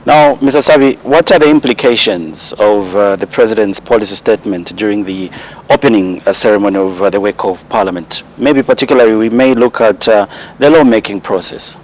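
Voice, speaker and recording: A man, interviewing a guest on a broadcast and asking halting questions full of filler sounds. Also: fairly low pitch. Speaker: radio or TV interviewer. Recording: dull broadcast audio with faint hiss.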